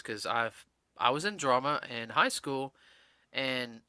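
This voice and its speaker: A man's voice: mid-range voice, unhurried, bright, forceful tone, no room sound. A tired man chatting casually as a podcast guest host, rambling with lots of fillers and restarts.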